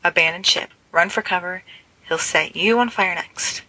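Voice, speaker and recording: A woman's voice: lowish voice, normal speed, sharp tone, no room sound, low-quality recording. A woman voicing a young man in a storybook reading, with dry, self-mocking quips. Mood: wry. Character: young man, teasing and wry.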